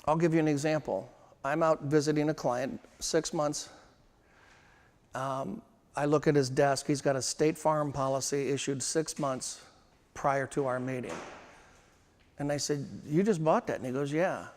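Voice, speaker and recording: A man giving a sales training seminar to a live room, emphatic and slowing down to drive home his points. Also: a little high, fairly even intonation. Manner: emphatic, slows down to stress points. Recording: long hall reverb.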